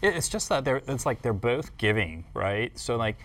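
A man's voice: medium pitch, lively intonation, normal speed, a bit bright, no echo. A man talking casually in a Bible study discussion, thoughtful, repeating words and restarting as he reasons aloud. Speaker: discussion panelist.

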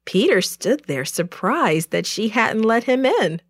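A woman narrating a children's Bible story with an expressive, clear reading. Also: fairly high pitch, measured pace, no room sound, studio quality.

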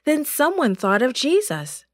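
A woman narrating a Bible story for children in a slow, clear and expressive way. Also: high voice, no echo, studio quality.

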